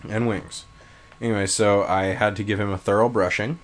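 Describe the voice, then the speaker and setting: A man co-hosting a casual comedy podcast, telling absurd crude stories in a deadpan way. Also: fairly low pitch, normal speed, slight background noise. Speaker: podcast co-host.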